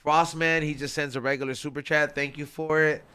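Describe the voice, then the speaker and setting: A man's voice: on the high side, level tone, brisk, bright, forceful tone, clean tone. A man hosting a casual podcast, reading out viewer messages in an easygoing way. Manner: easygoing, reads messages aloud. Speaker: podcast host.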